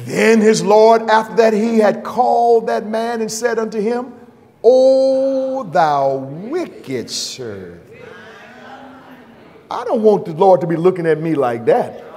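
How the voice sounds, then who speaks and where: A man preaching a fiery church sermon, shouting in drawn-out phrases and calling on the congregation for praise. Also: high-pitched. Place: church sanctuary. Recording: reverberant hall, faint congregation.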